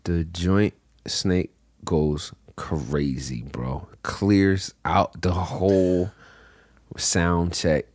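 Deep voiced guy on a podcast, telling wild stories, dry close sound. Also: extremely slow, dry recording. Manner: animated storyteller, laughs often. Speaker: podcast guest, bassist. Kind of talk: casual chat.

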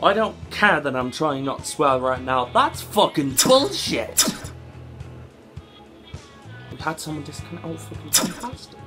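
A woman hosting a gaming channel, giving let's-play commentary and shouting fruit words in place of curses when exasperated. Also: sits low, very animated, unhurried, pauses often. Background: background music.

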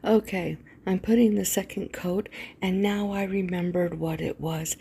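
A middle-aged woman with a low, gravelly voice narrates a craft tutorial at an unhurried pace. She rambles, trails off and searches for words as she works. A faint hum of room noise sits under her voice. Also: steady tone, dark tone. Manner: rambling, loses words, yawns while talking. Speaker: craft channel host. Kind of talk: casual craft tutorial voice-over.

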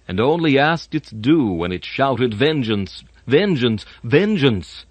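A man's voice: fairly low pitch, dry recording. Dramatic male sermon voice, dry. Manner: dramatic, sweeping rises and falls; solemn, archaic phrasing. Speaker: preacher. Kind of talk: sermon reading.

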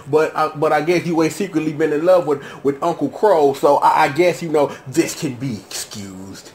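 A man hosting his own casual reaction commentary, slangy and rambling, breaking into high-pitched shouts of disbelief. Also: normal speed, hardly any pauses, slight background noise. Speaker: show host.

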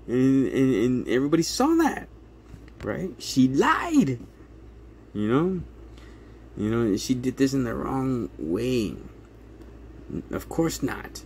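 A man telling a story to his viewers in a casual, animated way, acting out what people said, laughing often and checking in with "right?" after almost every line. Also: mid-range voice, slow, long pauses, a little hiss or hum. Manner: animated retelling, acts out quotes, laughs often, keeps asking "right?". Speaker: channel host telling a court story.

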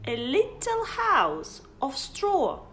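A woman's voice: high voice, wildly swooping pitch, drawn-out words, a bit bright. A woman, an English teacher playfully reading a picture book aloud to young children, with sound effects and whispers. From Russia. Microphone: phone on a livestream.

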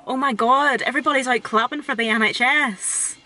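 A woman's voice: sits high, fairly quick, bright, forceful tone, rough recording. Chatty Northern Irish woman vlogger. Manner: chatty, rambling, fills talk with "like". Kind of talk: casual chat to camera. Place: parked car at night. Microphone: camera in car.

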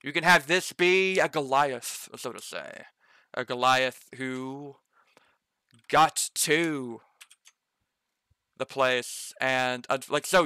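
A man's voice: medium pitch, gravelly, bright, forceful tone, clear, resonant tone, dry recording. A man game master thinking aloud as he builds a dungeon map, muttering corrections to himself and noting he has slipped into an odd accent.

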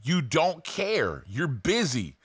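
A man's voice: fairly high pitch, huge pitch swings, takes it slowly, breathy edge, dry recording, clean studio sound. A man giving casual, blunt sales coaching to camera, swearing freely.

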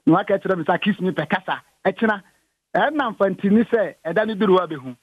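A man calling in to a radio show, sending greetings and praise in an excitable way. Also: high voice, fairly quick, slightly rough, no echo, phone-quality sound. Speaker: caller.

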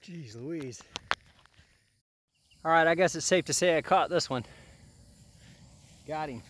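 Male fishing vlogger, a bit high-pitched, excitable and jokey, outdoors by a pond with faint crickets behind. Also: takes it slowly, slight background noise. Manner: excitable, joking, chuckles often. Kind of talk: casual outdoor commentary.

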